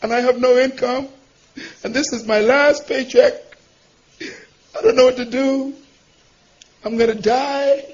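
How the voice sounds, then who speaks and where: A woman's voice: high voice, fairly even intonation, a little slow, pauses often, a little mellow. A man preaching who voices a desperate, weeping mother who has just lost her job, her words pleading and tearful. The recording sounds dull and lo-fi. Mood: distraught pleading.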